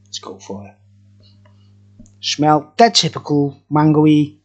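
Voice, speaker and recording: A man's voice: fairly high pitch, animated, slow, darkish tone, muffled recording. A man, reviewing beer in a rambling, jokey, profane casual chat. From England.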